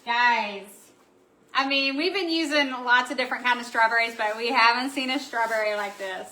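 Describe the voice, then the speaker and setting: Bubbly bright-voiced woman streaming live. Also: a little high, moderate pace, poor audio. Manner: bubbly, excitable, chatty with viewers. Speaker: craft shop owner. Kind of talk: live stream product showing.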